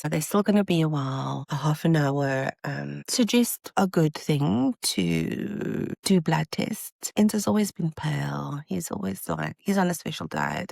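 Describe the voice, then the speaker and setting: Podcast mom, thirties, gravelly low voice, exasperated storytelling, dry close sound. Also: female voice, dry recording. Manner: animated, exasperated retelling. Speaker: podcast host, mother. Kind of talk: casual storytelling.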